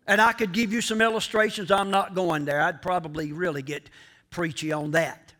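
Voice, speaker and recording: A man preaching a sermon as pastor, slow and emphatic, repeating key phrases and speaking straight to the congregation. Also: sits high, steady tone, bright, forceful tone. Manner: addresses the congregation directly.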